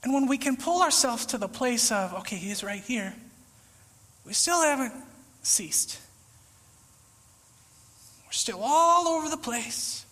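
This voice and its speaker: A man preaching a casual, conversational sermon, acting out little scenes with sudden shouts and whispers. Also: very high voice, expressive, measured pace, pauses often. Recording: echoey hall with long reverb.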